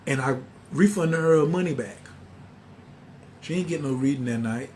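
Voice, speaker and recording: A man, telling a story in a casual, animated way and acting out the quoted voices. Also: mid-range voice, normal speed, slight background noise. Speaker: spiritual teacher.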